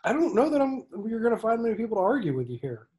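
A man's voice: very high-pitched, very animated, racing, warm tone. A man co-hosting a podcast in casual chat, who makes dry, wry remarks. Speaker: podcast co-host.

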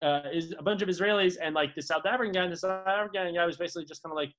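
A podcast co-host telling rambling stories in casual chat, full of fillers and restarts, and swooping high when excited. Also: very fast, faint music behind.

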